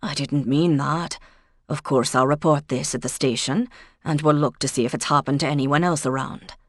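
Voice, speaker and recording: Woman voicing a calm village policeman, measured, apologetic, low, dry. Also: no room sound.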